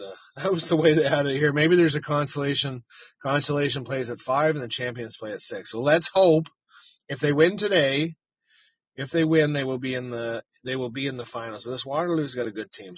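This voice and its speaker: A middle-aged man, a chicken farmer, rambles through a casual live stream from his parked truck, cursing freely and calling out viewers by name. His voice sits at an ordinary pitch, and the audio is dry and a little dull, as if caught inside the cab. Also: a bit bright, husky, no echo.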